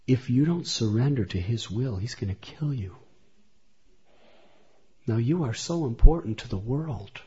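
A man's voice: medium pitch, expressive, unhurried, pauses often, warm tone, breathy edge. A man voicing a devoted male disciple earnestly begging his guru, in a dull lo-fi recording.

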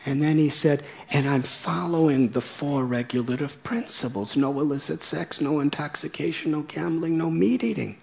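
A man telling a story slowly, chuckling at his own tale. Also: a little high, vocal fry, darkish tone, highs cut off. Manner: slow, chuckling anecdote telling. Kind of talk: storytelling talk.

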